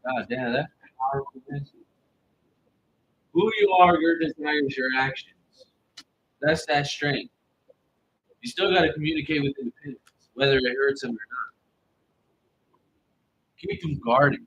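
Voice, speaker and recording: A man's voice: on the high side, expressive, a little slow, long pauses, a bit bright, highs cut off, a little hiss or hum. A man giving a casual online tarot reading, blunt and profane, with loose, rambling phrasing. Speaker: tarot reader.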